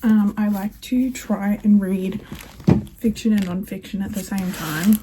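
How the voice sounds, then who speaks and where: A woman's voice: medium pitch, steady tone, measured pace, mellow, poor audio. A young woman, a nursing student, chatting candidly to camera from her car, with lots of "like" and "um". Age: young adult. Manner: chatty, candid, filler-heavy. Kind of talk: casual chat to camera. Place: inside a car. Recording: car interior with noise behind. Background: car and road noise.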